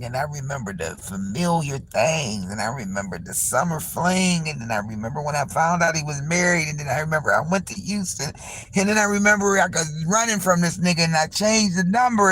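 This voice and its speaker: A woman hosting a live stream, telling a story in a loose, profane, animated way and acting out other people's voices. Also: deep voice. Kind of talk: casual storytelling to a live chat.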